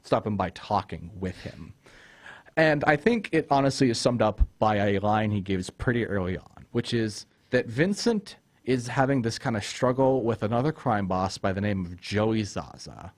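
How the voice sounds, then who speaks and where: A man's voice: fairly low pitch, lively intonation, normal speed. A young man hosting a casual film review chat, ranting with exasperation about a character and retelling scenes. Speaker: host.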